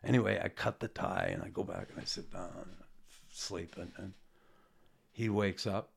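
Gravelly-voiced man telling old stories. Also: deep voice, fairly even intonation, a little hiss or hum. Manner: rambling, halting, with frequent restarts and fillers; swears casually, self-deprecating. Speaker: former hockey player telling stories. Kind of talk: casual storytelling.

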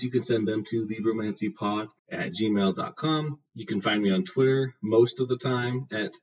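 A man with a lowish voice chats through a book review as a podcast host, rambling and loose, with plenty of fillers. He sits a bit back from the mic, and the sound is dull and lo-fi with a faint hiss underneath. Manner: casual, rambling, filler-heavy. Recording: distant, dull lo-fi with faint noise.

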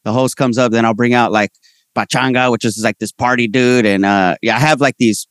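A man talking as a comedian guest in a casual interview, telling stories in slangy, animated speech and voicing the people he quotes. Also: medium pitch, a little fast, clean tone, no echo, clean studio sound.

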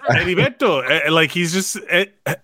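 Higher-voiced guy joking around on his podcast, bright and lively, dry mic sound. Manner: playful, quick jokes, repeats words. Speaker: comedian podcast host. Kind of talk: casual chat.

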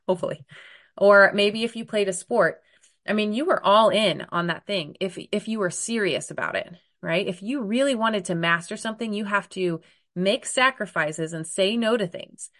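A woman in her thirties coaching an online group on weight loss, talking bluntly and often checking in with "okay?", a little hoarse from a cold. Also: mid-range voice, fairly bright tone. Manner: direct, emphatic, frequent "okay?" check-ins. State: getting over a cold, occasional cough.

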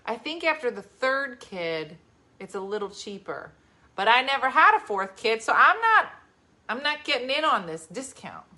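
Middle-aged mom host, bright chatty voice, casual live chat. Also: female voice, on the high side, big pitch swings, normal speed. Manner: chatty, reading comments aloud, lots of mm-hmms. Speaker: host, mother.

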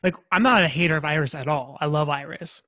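A man's voice: fairly high pitch, fast talker, sharp tone, no room sound. Man rambling earnestly in a dry room. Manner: rambling, lots of fillers and restarts, earnest. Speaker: podcast co-host. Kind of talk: casual chat recapping a reality show.

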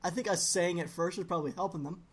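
A woman's voice: fairly low pitch, fast talker, husky. A woman chatting casually in a party word game, sounding out puzzle phrases over and over. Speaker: game player. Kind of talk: casual chat.

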